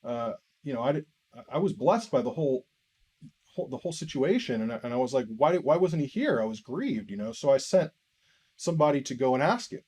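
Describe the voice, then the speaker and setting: A man's voice: medium pitch, brisk, husky. A man preaching in a theology course, telling a story and acting out both sides of a conversation. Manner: animated storyteller acting out dialogue. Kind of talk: sermon storytelling.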